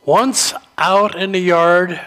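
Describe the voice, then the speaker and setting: A man preaching a sermon, telling stories slowly and deliberately. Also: high voice, steady tone, a bit bright. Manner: slow, deliberate storytelling delivery. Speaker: pastor.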